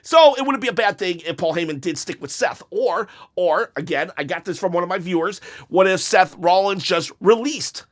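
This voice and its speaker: A man talking casually and animatedly as a wrestling YouTuber, pitching match ideas with frequent restarts and laughs. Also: animated, normal speed, hardly any pauses. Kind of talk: casual fantasy-booking commentary.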